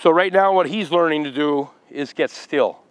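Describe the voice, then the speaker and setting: A man's voice: fairly high pitch, moderate pace, dry recording, low-quality recording. A man training a dog, giving repeated short commands and praise, then casually explaining the progress. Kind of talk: dog training demonstration with commentary.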